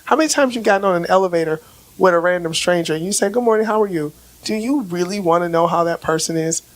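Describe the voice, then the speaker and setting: A woman with a raspy voice from laryngitis, speaking as a relationship expert on a casual podcast and explaining with everyday examples. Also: lowish voice, fast talker, low-quality recording. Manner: explains with everyday examples, frequent "right?" checks; repeats words when starting sentences.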